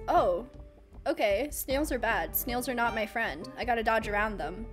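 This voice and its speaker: A woman hosts a let's play of a cute game, giggly and playful throughout. Her voice is high and swings in lively leaps. She talks into a desk microphone, with faint game music behind. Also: moderate pace. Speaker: gaming channel host.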